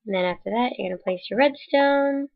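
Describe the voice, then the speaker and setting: A woman talks through a building tutorial in a casual voice-over, hiccuping now and then. Her voice sits a little high, and she rambles and restarts her sentences. The recording is dull and lo-fi. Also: brisk, creaky. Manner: rambling, self-correcting. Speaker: game tutorial narrator. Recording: dull lo-fi mic.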